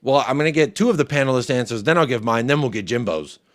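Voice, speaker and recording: A man's voice: mid-range voice, lively intonation, quick pace. An American man hosting a casual football fan show over a video call, playful and teasing. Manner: playful, teasing, jokey asides. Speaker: host.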